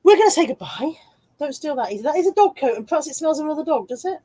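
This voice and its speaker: A woman's voice: animated, very fast, dark tone, dry recording, poor audio. A woman hosting a casual live stream from home, reading viewer comments aloud and laughing easily. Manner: high baby-talk voice to her dog.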